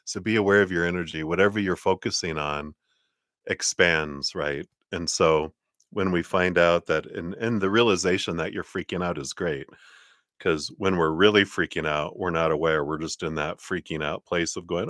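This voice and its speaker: Low-voiced chatty man reading tarot. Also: normal speed, a bit bright, no echo, studio quality. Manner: chatty and reassuring, laughs often. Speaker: tarot reader hosting a live stream. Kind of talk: casual live tarot reading.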